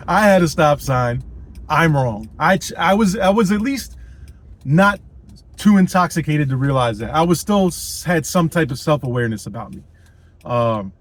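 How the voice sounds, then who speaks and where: A man's voice: on the high side, expressive, a little slow, long pauses, poor audio. A man telling a personal story in a casual vlog, rambling and swearing, with lots of fillers and "you know what I mean.".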